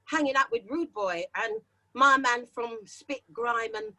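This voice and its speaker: A middle-aged woman with a London accent, talking as a guest in a relaxed interview. Her voice sits high and sounds bright and forceful. She tells her stories with lots of life and slips into other people's voices as she goes. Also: a little slow, creaky, low-quality recording. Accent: London English. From London, England. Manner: animated storyteller who acts out quoted voices. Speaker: singer and guest. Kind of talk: casual interview chat.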